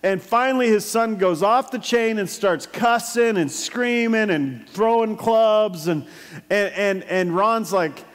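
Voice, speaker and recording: A male pastor with a high voice preaches unhurriedly, weaving in stories and erupting in sudden loud bursts. A long reverb carries his voice through the church hall.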